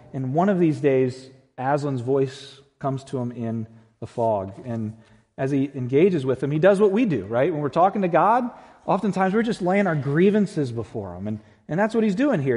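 Emphatic male pastor in a reverberant church. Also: fairly high pitch. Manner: emphatic, swinging from loud to hushed and intimate. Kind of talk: Easter sermon. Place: church sanctuary.

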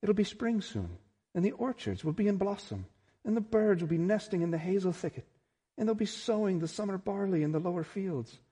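A man voicing a loyal male hobbit companion who gently coaxes his exhausted friend, speaking soft and wistful. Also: high-pitched, slightly rough, voice pushed up. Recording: long reverb in a large hall.

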